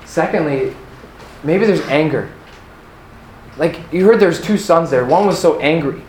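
A man's voice: fairly high pitch, expressive, measured pace, darkish tone, a little hiss or hum. Earnest young man, echoey room. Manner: earnest, personal testimony with many fillers. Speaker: retreat speaker. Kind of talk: faith talk to a youth audience. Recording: echoey room with faint ambience.

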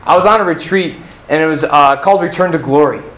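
A man's voice: a little high, fast, fairly bright tone. A young man giving an earnest, personal testimony as a retreat speaker, with many fillers. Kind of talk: faith talk to a youth audience. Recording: echoey room with faint ambience.

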